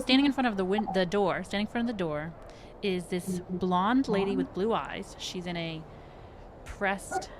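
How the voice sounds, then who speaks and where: A woman's voice: mid-range voice, noisy background. A woman narrating a tabletop game as game master, casual and a little hesitant, with many fillers.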